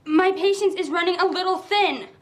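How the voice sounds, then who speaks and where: A woman's voice: extremely high pitch, normal speed, a little hiss or hum. A woman acting in a film drama, complaining with strained feeling.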